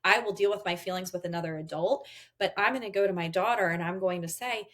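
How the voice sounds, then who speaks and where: Woman therapist calmly explaining. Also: lowish voice, quick pace. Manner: explains step by step, acts out parent and child lines. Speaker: therapist guest. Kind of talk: interview advice.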